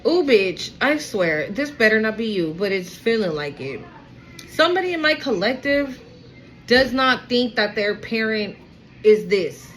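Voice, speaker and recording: A woman's voice: a little high, sing-song, a little slow, fairly bright tone, a little hiss or hum, rough recording. A woman giving a casual tarot reading to an online audience, blunt, profane and emphatic. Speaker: tarot card reader.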